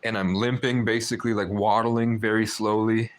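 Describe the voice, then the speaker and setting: A man's voice: on the low side, little pitch movement, normal speed. A man hosting a live stream, telling a long story in a rambling, talkative way full of fillers. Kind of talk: casual storytelling chat.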